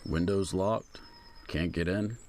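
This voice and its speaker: An actor voicing a gruff, weary male forest ranger in a video game, muttering in a matter-of-fact way with a gravelly voice. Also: low-pitched, fairly even intonation, slow pace, darkish tone, slight background noise.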